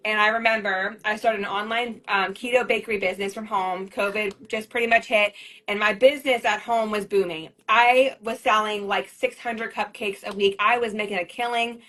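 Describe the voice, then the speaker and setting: Woman, 30s, MLM leader on a livestream, rambling and emotional, medium pitch. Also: a bit bright. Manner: rambling, repeats herself, emotional.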